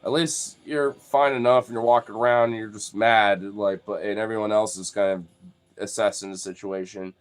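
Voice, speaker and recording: A man's voice: on the low side, steady tone, moderate pace, clear, resonant tone. A young man telling stories casually, rambling, swearing a lot and filling his talk with "like.". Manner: rambling, profane, many "like" fillers. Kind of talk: casual storytelling.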